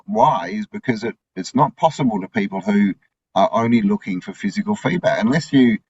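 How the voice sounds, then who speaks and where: A man's voice: on the low side, a little mellow, breathy edge. A man co-hosting a casual spiritual chat, musing aloud with many fillers. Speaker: co-host. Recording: dull lo-fi sound.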